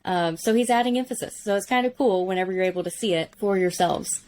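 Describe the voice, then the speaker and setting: A woman's voice: mid-range voice, quick pace, darkish tone, a little hiss or hum. Woman, Bible language teacher, casual explanatory lesson, eager, chatty. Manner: enthusiastic, explanatory, uses "like" often. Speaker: Biblical Hebrew teacher. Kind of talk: conversational teaching.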